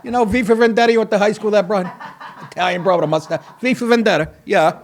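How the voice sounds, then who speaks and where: A man's voice: sits high, quick pace, background noise. A man hosting a comedy podcast, talking in a profane, rambling, sarcastic way. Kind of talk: casual comedic podcast monologue.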